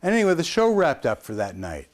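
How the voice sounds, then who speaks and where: A man's voice: on the high side, wildly swooping pitch, fast talker. A man in his sixties from the United States, telling a rambling story as an interview guest, with frequent hesitations and restarts.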